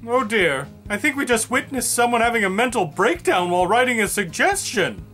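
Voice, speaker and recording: A man's voice: very high voice, very animated, a little fast, pushed and bright, faint music behind, heavily acted. A man voicing an exasperated male puppet host who reads listener suggestions with dry sarcasm in a comedy sketch. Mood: sarcastic. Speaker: segment host.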